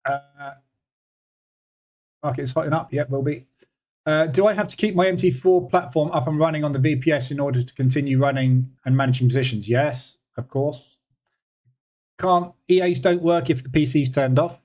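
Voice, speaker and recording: A man's voice: on the high side, normal speed, a little mellow. A man hosting a live trading stream, chatting casually and thinking aloud with many fillers while he reads and answers viewers' messages. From United Kingdom. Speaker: trading room host.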